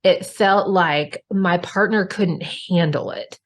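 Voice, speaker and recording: A woman's voice: lowish voice, slow. A woman hosting a podcast, talking frankly and expressively, swearing casually and speaking straight to her listeners. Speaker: podcast host. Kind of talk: candid conversational podcast talk.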